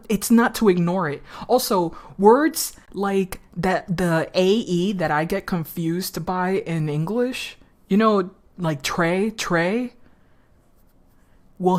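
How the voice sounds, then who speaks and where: A woman's voice: lowish voice, slow pace, a little mellow. A woman streamer, chatting casually and swearing freely as she drifts between topics. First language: Spanish.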